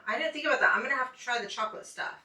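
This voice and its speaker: A chatty, upbeat woman hosting a casual chat show, with a bright, forward voice. She sits a little away from the mic in an echoey room. She laughs often as she talks. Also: high-pitched, racing, recorded from a distance. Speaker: show host.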